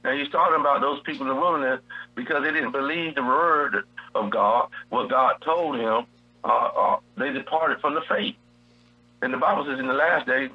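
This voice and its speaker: A man's voice: medium pitch, breathy edge, highs cut off. A man teaching from the Bible in a preacherly style on a radio show, repeating his key phrases. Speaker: guest preacher.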